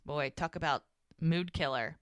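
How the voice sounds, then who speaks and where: Podcast co-host, woman, lowish voice, dry close sound, casual scene-by-scene recapper. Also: fairly bright tone, clean tone, no room sound. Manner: retells scenes quickly in running narration. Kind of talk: casual chat recapping a TV episode.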